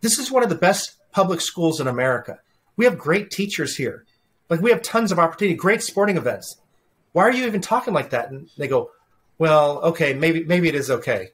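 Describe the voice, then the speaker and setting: A middle-aged man being interviewed as a leadership speaker, telling animated family anecdotes with frequent restarts. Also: fairly high pitch, brisk. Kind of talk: conversational interview storytelling.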